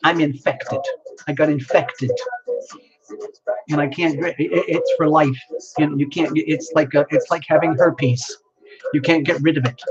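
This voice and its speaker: A man's voice: on the high side, fairly even intonation, a little slow, long pauses. A man hosting a tarot live stream, chatting playfully with viewers, reading out their names and laughing often. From United States. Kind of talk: casual live-stream chat greeting viewers. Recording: dull lo-fi sound with music behind. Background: music playing.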